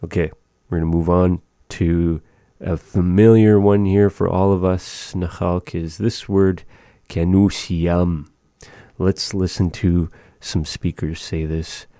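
Deep-voiced, slow man teaching words. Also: no room sound, studio quality. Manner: relaxed, chatty, repeats words slowly. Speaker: language teacher. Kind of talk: casual language lesson.

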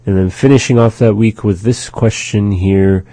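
A man hosting a radio language lesson, slowly and carefully pronouncing phrases and explaining them. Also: lowish voice, fairly even intonation, mellow, dry recording. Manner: slow, careful pronunciation drills. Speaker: language teacher and show host.

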